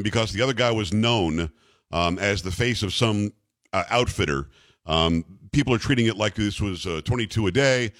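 A man's voice: lowish voice, fairly bright tone, dry recording, studio quality. A man hosting a talk radio show, ranting indignantly and repeating the call-in number.

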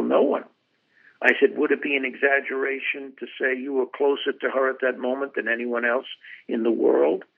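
A man's voice: mid-range voice, creaky. An older man, a guest author, answering interview questions in an earnest, reflective way and retelling conversations as stories. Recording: tinny phone line.

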